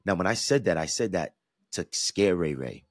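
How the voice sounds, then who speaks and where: A man's voice: low voice, animated, moderate pace, no echo, clean studio sound. A man in his thirties from the US East Coast, hosting a podcast and telling a personal story in an earnest, reflective way with frequent restarts. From New York–New Jersey area, US East Coast. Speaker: podcast host.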